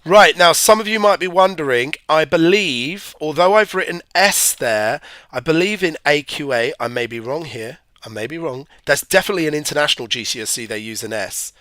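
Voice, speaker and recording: A man's voice: on the high side, animated, a little fast, sharp tone, no room sound, clean studio sound. A man with hay fever, giving a chatty, rambling live-stream physics revision lesson and talking to his viewers. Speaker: physics tutor.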